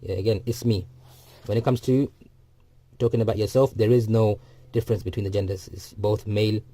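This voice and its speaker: A man explaining a textbook dialogue step by step, repeating each phrase and filling pauses with ums. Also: lowish voice, fairly even intonation, dark tone, dry recording. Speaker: Arabic teacher. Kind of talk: recorded textbook lesson.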